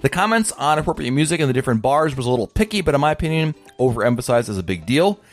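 Upbeat male podcast host, lively pitch. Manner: upbeat, chatty, enthusiastic. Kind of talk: podcast reading listener emails.

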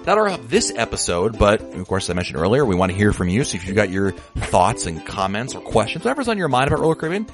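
A man hosting a casual podcast, chatty and lively, with frequent restarts. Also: on the low side, fast talker, hardly any pauses, over music. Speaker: podcast host.

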